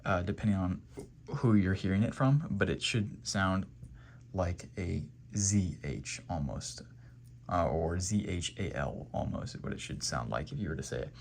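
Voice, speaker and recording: A man's creaky, low-pitched voice moves with lively intonation at normal speed as he teaches Quran reading step by step. It's a pronunciation lesson where he patiently repeats letter sounds and checks in with "okay?"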